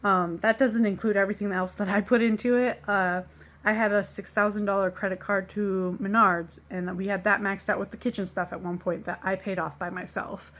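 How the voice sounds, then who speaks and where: A woman's voice: medium pitch, flat delivery, a little fast, a bit bright. A woman speaking candidly to the camera about a painful breakup. She is emotional and blunt, swearing freely and letting out small laughs to cover the hurt. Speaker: vlogger. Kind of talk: candid personal storytelling.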